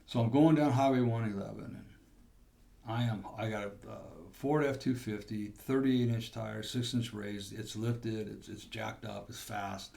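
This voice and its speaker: A man's voice: lowish voice, fairly even intonation, measured pace, gravelly, warm tone. A man hosting a podcast, telling a personal testimony in a rambling storytelling way with restarts. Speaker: podcast host.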